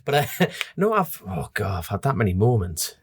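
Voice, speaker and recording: A man's voice: lowish voice, moderate pace, breathy edge, no room sound. A man from the North East of England with a North East English accent, a motorbike road racer telling stories in a casual podcast chat and acting out other people's voices as he goes. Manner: lively storyteller who acts out other people's voices.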